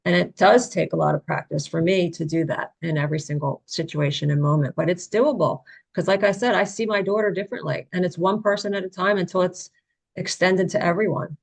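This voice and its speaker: A woman's voice: fairly low pitch, brisk, creaky. A woman sharing personal reflections in a casual, earnest way on a video call, with many "you know" fillers. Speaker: study group participant.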